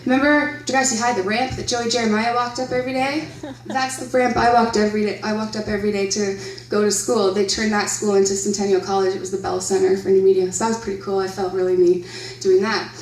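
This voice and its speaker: Her voice is medium-pitched and fast, with little pitch movement, as this Canadian woman in her thirties tells a story on a horror convention panel. She keeps it chatty, laughing frequently and putting questions to the crowd in the convention centre hall, recorded with distant, roomy live sound.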